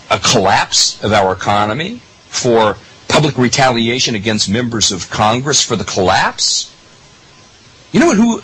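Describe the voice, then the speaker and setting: A middle-aged man hosts a political talk radio show, his voice bright and edged as it leaps up and drops down. He rambles indignantly, restarting sentences and speaking straight to his listeners. A faint noise sits under the recording. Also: a little high, low-quality recording. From United States.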